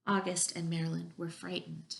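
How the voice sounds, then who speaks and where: A woman preschool teacher reads a picture book aloud for young children. Her voice sits on the low side with a noticeable gravelly fry. She talks gently and encouragingly, guiding the kids along. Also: completely flat delivery, normal speed, slight background noise. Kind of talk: children's story time reading.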